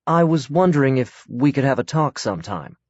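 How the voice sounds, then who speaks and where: A man's voice: mid-range voice, sing-song, a little mellow, no room sound. A man voicing a courteous, earnest man with a slight American accent. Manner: courteous and measured. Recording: dry, slightly dull audiobook recording.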